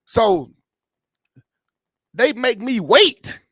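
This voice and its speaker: A man in his late thirties talks through a personal ordeal in loose, cursing, rambling sentences, often asking whether you follow him. His voice sits high for a man. The sound is dry and close, with no room echo. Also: very animated, drawn-out words, a bit bright. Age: 30s. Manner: rambling, profane storytelling, keeps asking "you know what I'm saying". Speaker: YouTube reaction channel host. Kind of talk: casual personal health update.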